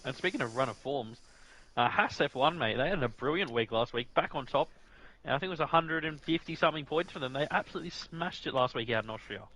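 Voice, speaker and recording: Bright-voiced, chatty man commentating racing. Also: fairly high pitch, expressive, fast, rough recording. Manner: chatty and jokey, keeps saying "mate". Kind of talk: casual sim racing commentary.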